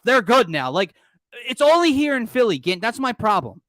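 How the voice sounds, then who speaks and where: A man hosting a casual sports talk show, excitable and rambling, often cutting himself off mid-thought. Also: very high voice, moderate pace, dry recording. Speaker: podcast host.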